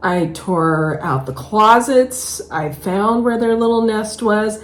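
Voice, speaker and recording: A middle-aged woman hosting a casual stitching chat, telling stories animatedly and acting out the voices with high squeals. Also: slow. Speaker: host. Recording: echoey room, faint background noise.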